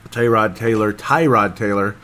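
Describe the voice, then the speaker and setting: Rambling, excitable football recap man. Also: fairly low pitch, normal speed. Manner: rambling, excitable, loses his train of thought. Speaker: sports podcast host. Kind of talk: casual solo football recap.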